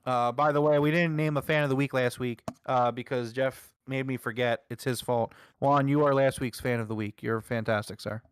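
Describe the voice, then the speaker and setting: Casting note: a man co-host, mid-pitched, insistent and argumentative, a dry close voice. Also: fairly even intonation, normal speed, few pauses, smooth, dry recording. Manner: emphatic, argumentative, heavy use of "like". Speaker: podcast co-host. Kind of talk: casual wrestling review chat.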